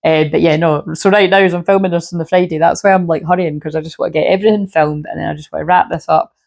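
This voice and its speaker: A woman who works as a shamanic healer and spiritual reader rambles casually to camera at home, giving a reading despite a sore throat. Her voice is low, dark, fast, and steady with vocal fry, and she swears freely and often says "you know what I mean."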